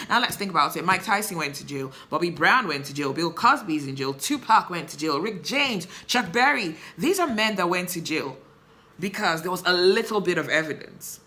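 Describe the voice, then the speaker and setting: A woman's voice: medium pitch, sharp tone. A woman hosting her own show, giving impassioned commentary with emphatic rhetorical questions. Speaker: show host. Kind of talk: opinion commentary to camera.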